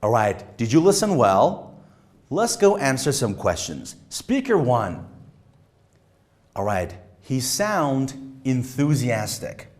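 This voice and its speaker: A man teaching an exam-prep lesson, speaking emphatically and deliberately and demonstrating rises and falls in his voice. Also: medium pitch, big pitch swings, darkish tone. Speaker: English test-prep teacher. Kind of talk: instructional lesson.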